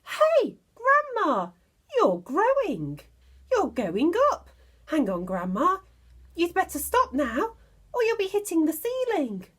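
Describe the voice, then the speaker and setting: A woman voicing an alarmed, excitable young boy in a children's storybook reading, calling out and pleading. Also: extremely high pitch, unhurried, few pauses, pitched above the performer's own voice, full character voice.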